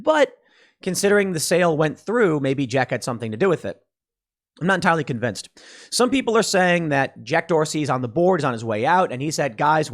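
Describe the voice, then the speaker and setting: A man's voice: fairly high pitch, a bit bright. A man hosting a podcast, giving emphatic, sarcastic commentary. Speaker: podcast host. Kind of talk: opinionated commentary.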